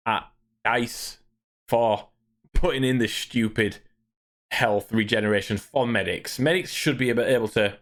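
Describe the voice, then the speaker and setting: A man's voice: medium pitch, a bit bright. A man ranting angrily and swearing while streaming, talking to his chat. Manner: profane, ranting, irritated. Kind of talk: angry gaming rant on livestream.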